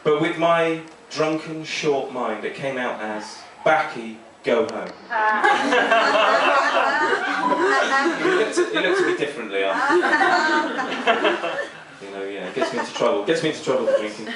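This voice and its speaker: A man performs a rambling, self-deprecating stand-up set with a deadpan touch. His voice sits slightly high and reaches the mic from some distance. Heavy echo and steady noise fill the small club. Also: unhurried, pauses often, a loud crowd. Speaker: stand-up comedian. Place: small comedy club stage. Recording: echoey club, mic heard from far, noisy.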